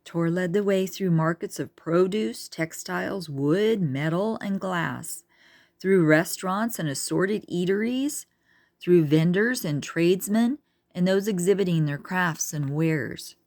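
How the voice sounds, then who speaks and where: Slow low-voiced woman reading a storybook. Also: a little mellow, no echo, studio quality. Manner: slow, chatty asides to listeners. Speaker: reader. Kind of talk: reading a children's book aloud.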